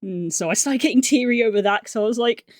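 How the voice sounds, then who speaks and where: A woman's voice: a little high, quick pace, dry recording, clean studio sound. A young woman livestreamer telling a casual story on stream, rambling and chatty with lots of fillers and restarts.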